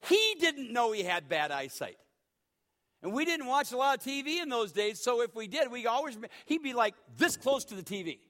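A middle-aged male pastor preaching a sermon, emphatic, swinging from hushed tones to shouts. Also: very high-pitched, sing-song, normal speed.

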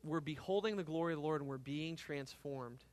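A man preaching an expository sermon as pastor, earnest, swelling louder on key phrases and checking in with the congregation. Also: fairly high pitch, brisk.

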